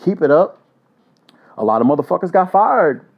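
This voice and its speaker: Profane, animated man ranting. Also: on the high side, normal speed, gravelly, husky, narrow, tinny audio. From Louisville, Kentucky. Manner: profane, animated, loose and joking. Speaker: podcast host. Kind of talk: solo podcast rant.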